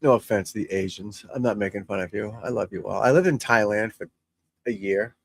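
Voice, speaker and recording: A man's voice: fairly low pitch, a little fast, gravelly, no room sound. A middle-aged man, a golf instructor, chatting casually and bluntly while watching golf on TV, rambling and swearing freely. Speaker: golf instructor and channel host.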